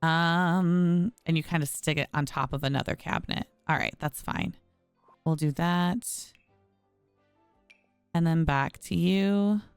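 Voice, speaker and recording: On the low side and taking her time, a woman speaks smoothly over a dry recording with faint background music. She streams a home-building game with chatty, frequently exasperated commentary aimed at her y'all viewers.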